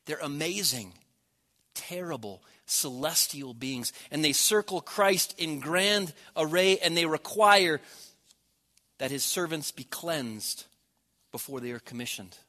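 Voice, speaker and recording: Bright-voiced male preacher, swelling and hushing. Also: on the high side, slow. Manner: swells loud on key words and drops to near hush. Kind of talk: sermon.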